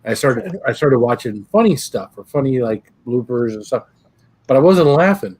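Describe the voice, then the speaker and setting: A man's voice: medium pitch, lively intonation, normal speed, darkish tone, husky. Rambling laid-back livestream host man. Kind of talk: casual chat.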